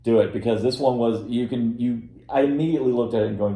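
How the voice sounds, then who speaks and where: Fast and steady, with a dark tone at medium pitch, this co-host chats casually about films on a podcast. His talk is rambling and riddled with restarts, captured in an echoey space.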